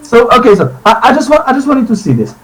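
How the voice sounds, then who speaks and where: High-pitched guy rambling excitedly on a podcast, lots of restarts and tangents. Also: fast, rough recording. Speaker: podcast co-host. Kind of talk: casual podcast chat.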